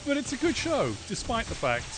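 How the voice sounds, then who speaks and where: A man's voice: very high-pitched, huge pitch swings, a little fast, over music. A man streaming a game, chatting casually with rambling, sardonic and profane asides. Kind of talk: casual gameplay chat.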